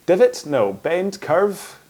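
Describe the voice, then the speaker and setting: A man's voice: sits high, very animated, slow, mellow. A man leading a follow-along stretching cooldown, chatty and rambling, laughing at his own slips, speaking into a microphone close to his chin. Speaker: rowing and fitness instructor. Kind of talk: follow-along workout instruction. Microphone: microphone close in front of his chin.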